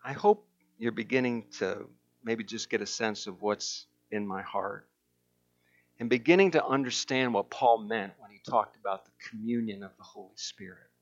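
A pastor with a fairly low voice at normal speed preaches a sermon, reading aloud from a book earnestly and emphatically, with fillers and restarts. The recording is dull and lo-fi.

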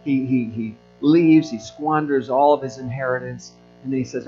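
A man's voice: medium pitch, steady tone, moderate pace, few pauses, darkish tone, highs cut off, faint music behind. A man preaching a sermon as pastor, earnest and building to emphatic peaks.

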